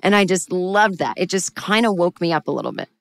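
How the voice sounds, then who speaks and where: A woman's voice: lowish voice, lively intonation, brisk, vocal fry, dry recording. A woman talking alone into a microphone, giving candid, self-deprecating advice in a chatty, casual way. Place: alone, recording at home.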